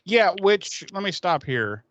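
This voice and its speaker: A man's voice: high-pitched, big pitch swings, slow pace, fairly bright tone, no room sound, lo-fi sound. A man co-hosting a podcast, joking and swearing, full of likes and acted-out quotes. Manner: jokey and profane, with lots of likes and acted-out quotes. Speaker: podcast co-host. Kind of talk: casual banter.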